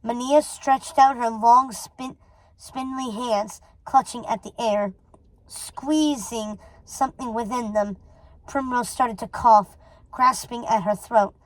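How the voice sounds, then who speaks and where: A woman reading a storybook chapter aloud in a steady, dramatic way. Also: on the high side, takes it slowly, low-quality recording. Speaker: reader.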